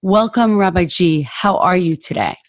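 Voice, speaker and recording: An effusive woman co-hosts a podcast, opening the show and welcoming a guest with plenty of enthusiasm. Her voice sits a little low and carries a roomy echo. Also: expressive, moderate pace. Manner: effusive, lots of "wow". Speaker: podcast co-host. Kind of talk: podcast interview.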